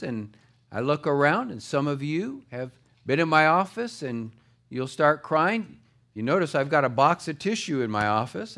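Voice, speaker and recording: A man's voice: a little high, fairly bright tone. A middle-aged man preaching a sermon to his congregation in a conversational way, with rising and falling emphasis. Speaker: pastor.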